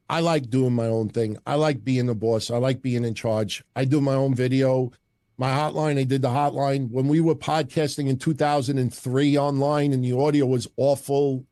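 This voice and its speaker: A medium-pitched middle-aged man, a wrestling podcast host on as a guest, tells animated stories in a casual interview. He's blunt and profane, and the studio sound is clean with no room ambience.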